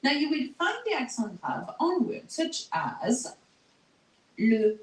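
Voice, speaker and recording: A woman's voice: high voice, big pitch swings. A woman teaching French pronunciation in a recorded lesson, patiently repeating each word and checking in with "okay?". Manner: patient, repeats words slowly, tags "okay?". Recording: echoey room, faint noise.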